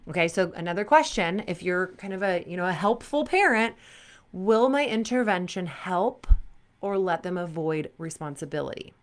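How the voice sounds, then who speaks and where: A woman in her thirties, a performance coach talking candidly to sport parents and telling personal stories with lively quoted asides. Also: lowish voice, moderate pace.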